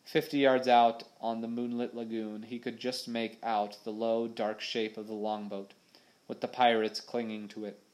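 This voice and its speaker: A man reading an adventure audiobook aloud in a dramatic, vivid storytelling manner. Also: medium pitch. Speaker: audiobook narrator. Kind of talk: scripted narration.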